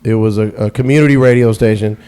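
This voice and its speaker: A man's voice: fairly low pitch, fairly even intonation, fast, warm tone, clear, resonant tone. A man, a radio DJ guest, telling stories in a loose, rambling way on a casual podcast, full of fillers and restarts that liven up as the anecdotes pick up.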